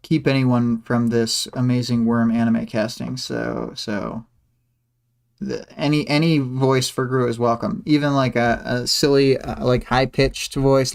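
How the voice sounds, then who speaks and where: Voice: medium pitch, level tone, a little slow, vocal fry. A livestream host casually summarizing and discussing a chapter in a rambling, hesitant way.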